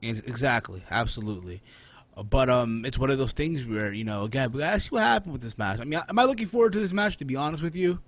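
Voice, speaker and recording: A man hosting a casual wrestling podcast, animated and profane, who keeps tossing in "right?" between points. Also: mid-range voice, fast. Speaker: podcast host.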